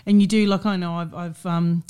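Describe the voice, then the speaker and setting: A woman's voice: lowish voice, steady tone, moderate pace, warm tone, clean tone. A woman co-hosting a radio chat, teasing and upbeat. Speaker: radio co-host. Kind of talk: casual chat.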